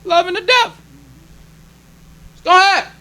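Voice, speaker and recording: A man's voice: extremely high pitch, normal speed, sharp tone. A male minister preaching a sermon in an emphatic, conversational way, drawing call-and-response from the congregation.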